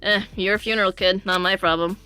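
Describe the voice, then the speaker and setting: A woman's voice: mid-range voice, fairly even intonation, fairly quick, pushed and bright, clear, resonant tone, faint music behind, natural voice. A woman voicing a brash, cynical student in a visual novel who talks bluntly and dismissively and calls others kid.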